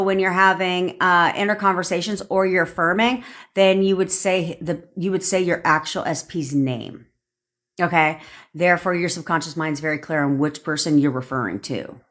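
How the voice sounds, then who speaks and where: A woman, coaching on a live stream and answering viewer comments. She talks bluntly and profanely, with lots of asides. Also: on the low side. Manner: blunt, profane and animated, with frequent laughs and asides. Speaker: manifestation coach.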